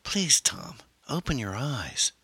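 A man's voice: medium pitch, sing-song, slow, vocal fry, bright, forceful tone, breathy edge, no echo, clean studio sound, voice pushed up, full character voice. A man voicing an anxious, loving wife at her husband's hospital bed, tender and fussing.

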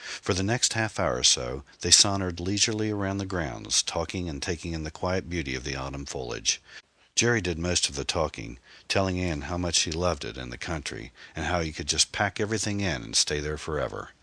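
A man reading a mystery novel aloud as audiobook narrator, measured and steady, on a close mic. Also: extremely low pitch, dry recording.

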